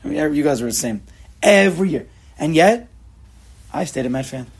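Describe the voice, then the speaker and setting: A man in his forties from the New York area, giving a casual Torah lesson with rapid rhetorical questions and frequent restarts. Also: on the high side, lively intonation, creaky, slightly rough. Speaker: Torah class teacher.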